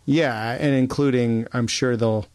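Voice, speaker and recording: A man in relaxed podcast chat about photography, speaking haltingly and repeating words as he gathers his thoughts. His voice sits in a middle pitch and sounds dry, with no room echo. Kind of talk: casual chat.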